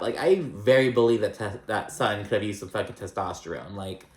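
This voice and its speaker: A man with a lowish voice rambles through a reality TV recap, loose and profane, leaning on filler words. The sound bounces around an echoey room. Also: a little fast. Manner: chatty, profane, rambling with many likes. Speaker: recap vlogger.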